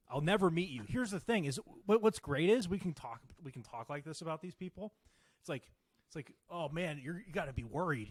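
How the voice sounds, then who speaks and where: A man's voice: on the high side, no room sound. Crude trash-talking young man podcaster. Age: young adult. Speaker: podcast co-host. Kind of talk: casual podcast rant.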